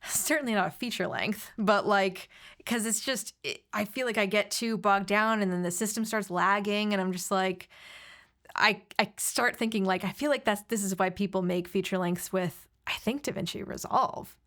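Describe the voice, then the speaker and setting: A woman's voice: medium pitch, moderate pace, fairly bright tone. A woman guesting on a podcast, chatting casually and rambling a little as she tells stories. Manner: chatty, rambling with fillers and laughs. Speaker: podcast guest, actor and filmmaker. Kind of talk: casual chat.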